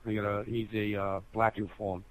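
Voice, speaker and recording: A man's voice: on the low side, little pitch movement, normal speed, slight background noise, rough recording. A man with a New York accent in casual chat with friends, blunt and profane, rambling on.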